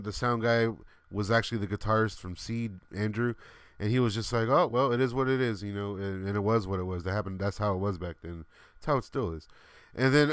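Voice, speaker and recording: A man in his thirties hosts a livestream, rambling through a story while laughing, with lots of fillers and some swearing. His voice is fairly low, a bit bright and smooth, with no room sound.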